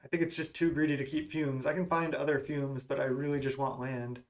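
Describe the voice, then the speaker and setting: A man's voice: mid-range voice, little pitch movement, brisk. A man talking through his moves as he plays an online card game, musing and questioning himself as he goes. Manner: musing, self-questioning strategy talk. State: has the hiccups. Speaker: gaming content creator. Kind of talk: thinking aloud during card game play.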